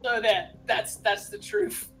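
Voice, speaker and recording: A woman chatting casually out of character during a tabletop game, laughing a lot, swearing freely and filling pauses with ums, a bit tipsy from beer. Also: on the high side, big pitch swings, fairly bright tone, poor audio.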